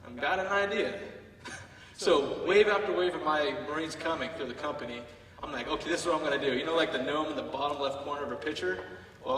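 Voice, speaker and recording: A man's voice: fairly high pitch, fairly bright tone, echoey room, long reverb tail, distant mic, a little hiss or hum, poor audio. A man, a military veteran, telling a playful personal war story on stage, acting out small asides. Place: theater stage, heard from the audience.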